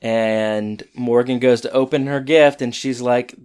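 A man on a casual podcast recapping an episode of a show. His voice sits in an ordinary middle pitch. He jumps into the characters' lines with easy enthusiasm. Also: normal speed, hardly any pauses, clean tone. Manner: animated retelling, acting out lines in quotes. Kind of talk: casual chat.

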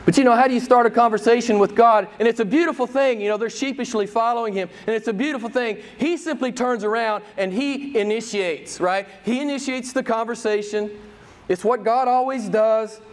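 A man preaching a sermon, emphatic and conversational, pressing the congregation with repeated rhetorical questions. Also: fairly quick. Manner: emphatic, rhetorical questions, wide swings in pitch and loudness. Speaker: pastor.

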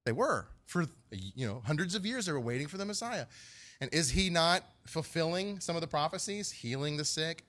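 A man preaching a sermon in an animated way, often acting out quotes in playful voices. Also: fairly high pitch, moderate pace. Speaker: pastor.

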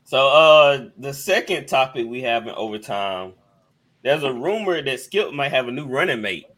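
Lively bright-voiced man hosting sports chat. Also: mid-range voice, moderate pace. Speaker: podcast host.

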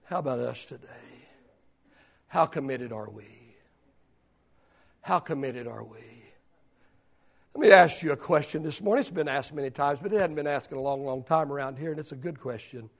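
A man preaching a sermon as pastor, repeating rhetorical questions, building to shouts and then dropping to a hush. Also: a little high, normal speed, creaky, long pauses. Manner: preaching with rising shouts and sudden hushed drops.

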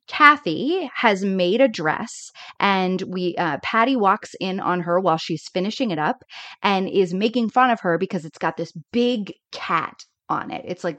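A woman co-hosts a casual podcast, recapping a TV episode and animatedly acting out the characters' lines in quotes. Her voice is lowish, and the recording has no echo.

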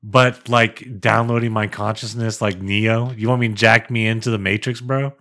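Laid-back low-voiced man, casual podcast. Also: fairly even intonation, moderate pace, a bit bright. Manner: laid-back, teasing, says bro a lot. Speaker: podcast co-host. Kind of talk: casual chat.

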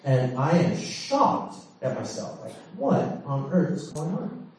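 Middle-aged preacher in an echoey hall. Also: male voice, fairly high pitch, sing-song, slow pace, darkish tone, a little hiss or hum. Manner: candid, storytelling, with laughs and dramatic swings. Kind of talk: sermon with personal story. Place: large church hall. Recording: echoey hall, mic from far off.

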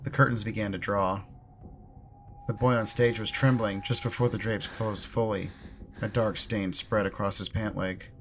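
A man narrating a horror story in a measured, ominous way. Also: lowish voice, fairly even intonation, faint music behind.

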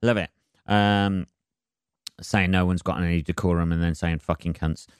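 A man's voice: deep voice, steady tone, moderate pace, clear, resonant tone, no echo, clean studio sound. A man, hosting a solo podcast and rambling in a sardonic, sweary way with lots of ums and uhs. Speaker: podcast host.

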